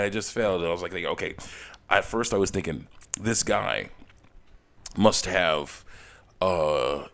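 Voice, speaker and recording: Deep-voiced guy rambling thru a work story, lots of restarts and little laughs. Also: gravelly, a bit bright. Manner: rambling, many restarts and chuckles, acts out quoted voices. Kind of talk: casual storytelling while working on a game mod.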